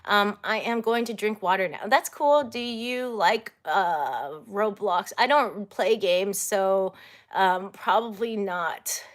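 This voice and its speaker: A woman's voice: mid-range voice, takes it slowly. A woman in her thirties chatting casually on a livestream, reading viewer comments aloud and giggling often.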